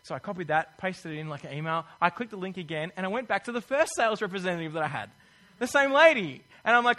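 A man preaches a sermon, telling a story in a lively way and acting out each person in it. His voice sits fairly high for a man. It has a bright, forceful edge. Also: quick pace. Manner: animated storytelling, acts out the people he quotes.

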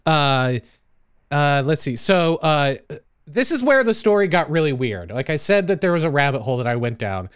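High clear-voiced man telling a story. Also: big pitch swings, normal speed, dry recording, studio quality. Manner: reads notes aloud, chatty with fillers and laughs. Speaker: podcast host presenting the story. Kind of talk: casual chat.

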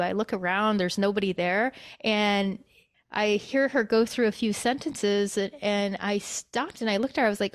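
A woman's voice: mid-range voice, moderate pace, no room sound, clean studio sound. A young adult woman telling an emotional personal story as a guest, with many fillers and restarts.

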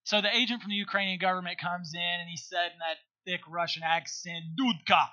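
A man's voice: high voice, flat delivery, fast, sharp tone, highs cut off. A middle-aged man telling a personal story in casual conversation, earnest and emphatic, often checking in with his listener. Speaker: guest.

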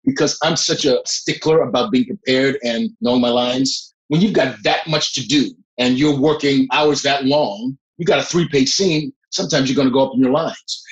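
A man's voice: mid-range voice, lo-fi sound. A middle-aged man, a guest actor, telling a vivid story in a conversational interview. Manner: reflective, animated storyteller with laughs.

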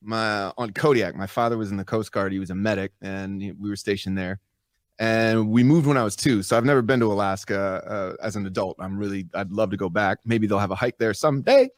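A man's voice: on the low side, a little fast, no room sound, studio quality. A man from Vermont chatting and joking as a podcast guest, playful with voices. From Vermont, USA. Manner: jokey, playful with voices and accents. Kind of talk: casual banter and interview.

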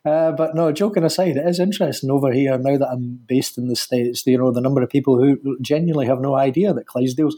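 A middle-aged Scottish man with a husky voice, a sculptor being interviewed, speaking in a hesitant way with many fillers and restarts. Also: medium pitch, steady tone, fast talker, hardly any pauses, warm tone. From Scotland. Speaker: sculptor guest. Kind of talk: conversational interview.

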